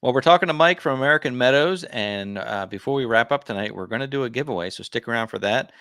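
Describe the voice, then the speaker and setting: A man's voice: mid-range voice, quick pace, a bit bright, clear, resonant tone, no echo, clean studio sound. A man hosting a gardening livestream, chatty and friendly, announcing giveaways and asking questions. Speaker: livestream host.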